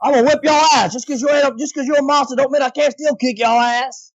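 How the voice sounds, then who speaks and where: An actor putting on a gruff, drawling Cajun swamp brawler, a hotheaded middle-aged man with a Louisiana accent. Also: very high-pitched, fairly even intonation, fast, no room sound, lo-fi sound, pitched above the performer's own voice. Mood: threatening.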